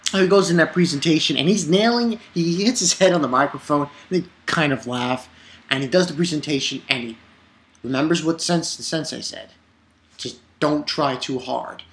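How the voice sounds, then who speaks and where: A man talks through an anime episode in a loose, excitable recap, swearing now and then. His voice sits a little high and has a bright, forceful edge. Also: normal speed. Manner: excitable, animated retelling with swearing. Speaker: anime reviewer.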